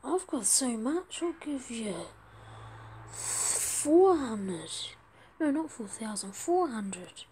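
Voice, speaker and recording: Casual gaming host, woman, chatty and excitable, high voice with a soft, dark tone. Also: drawn-out words, slight background noise. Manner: excitable, chatty, pleading for trades. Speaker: gaming video creator. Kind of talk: casual let's-play commentary.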